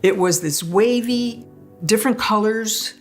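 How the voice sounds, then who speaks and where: A woman recounting her near-death experience, an animated storyteller who acts out the voices she heard. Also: medium pitch, unhurried, faint music behind. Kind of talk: personal testimony.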